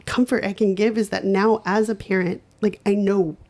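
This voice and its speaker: A young woman, a singer and new mother, talking as a podcast guest in a soft, open, reflective way. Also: medium pitch, fairly even intonation, moderate pace. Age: young adult. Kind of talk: casual interview chat.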